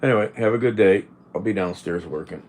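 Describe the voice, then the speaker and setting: This home livestreamer has a fairly low, somewhat mellow voice and talks at a fairly fast clip over a bit of background noise. He reads the chat aloud, wanders from topic to topic, and answers viewers bluntly.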